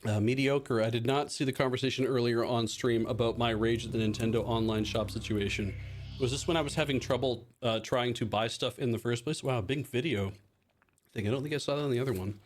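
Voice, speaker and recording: A man's voice: mid-range voice, fairly quick, a little hiss or hum. A man hosting a livestream, chatting casually and rambling while he unboxes and plays games, joking at his own expense and swearing now and then. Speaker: livestream host.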